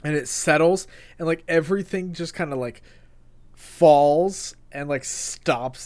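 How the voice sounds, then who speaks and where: A young man co-hosting a casual podcast chat, excitable and rambling, often restarting his sentences. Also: a little high, slow pace. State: hiccups. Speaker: podcast co-host.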